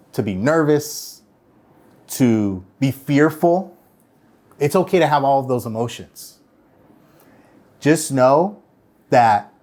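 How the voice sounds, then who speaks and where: A man's voice: mid-range voice, a little mellow. Earnest man telling his story. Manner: earnest storytelling, acts out quoted voices. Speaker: guest, real estate broker. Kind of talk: interview answers.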